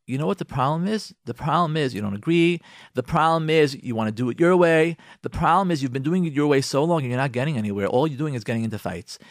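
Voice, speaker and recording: A man, a rabbi on a radio talk show, giving marriage advice to husbands and acting out their imagined replies in quick asides. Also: a little high, expressive, no echo, clean studio sound. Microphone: close studio microphone.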